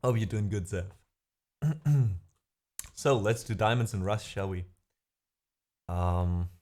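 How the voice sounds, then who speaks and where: This man's voice is fairly low and darkish, and he takes it slowly. English isn't his first language; he hosts a music livestream, casually chatting over viewer comments, rambling and laughing at himself.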